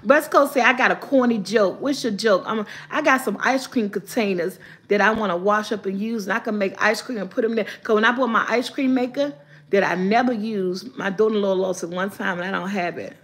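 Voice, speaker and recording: A woman's voice: medium pitch, fairly quick. An older woman hosting a casual live vlog, chatting with viewers, reading their comments aloud and laughing often. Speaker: vlogger.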